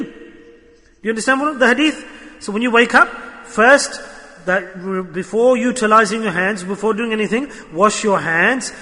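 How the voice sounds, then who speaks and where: A man's voice: high voice, bright, forceful tone. Impassioned preacher man in an echoing hall. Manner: impassioned and repetitive, addressing the brothers. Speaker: sheikh giving a religious talk. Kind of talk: sermon. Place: gathering before dhikr.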